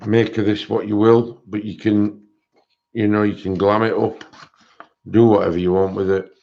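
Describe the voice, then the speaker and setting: A man's voice: lowish voice, flat delivery, normal speed, creaky. A man hosting a colouring live stream in casual, rambling chat, greeting viewers by name. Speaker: colouring channel host. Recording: dull lo-fi stream audio.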